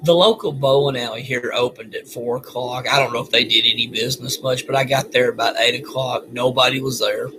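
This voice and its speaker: A man's voice: medium pitch, fairly even intonation, fairly quick, hardly any pauses, background noise. A man venting alone at home at night, weary and bitter, sighing often. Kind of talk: venting monologue.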